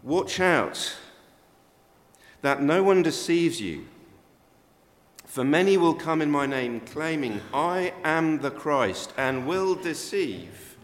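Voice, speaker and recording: A man's voice: on the high side, lively intonation, takes it slowly. Man preaching in an echoing hall. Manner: conversational with emphatic rises. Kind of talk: sermon. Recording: long reverb of a church hall.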